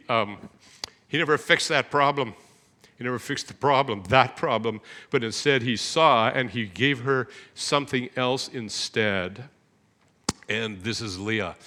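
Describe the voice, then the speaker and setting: A guest preacher gives an earnest, explanatory sermon, his voice on the low side with a fairly bright tone. He often corrects himself mid-sentence, and the church hall makes the recording reverberant.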